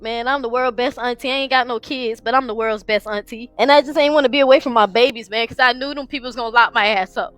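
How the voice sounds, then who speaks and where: A woman's voice: fairly high pitch, fast talker, hardly any pauses, fairly bright tone, no room sound. A woman streamer venting through tears, swearing heavily, speaking. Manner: crying, swearing, raw. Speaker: live streamer. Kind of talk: emotional livestream rant.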